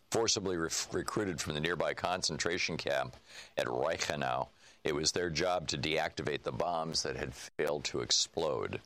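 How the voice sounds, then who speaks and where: A male radio talk show host who chats with callers and reads a book aloud in a steady, measured way. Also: extremely low pitch.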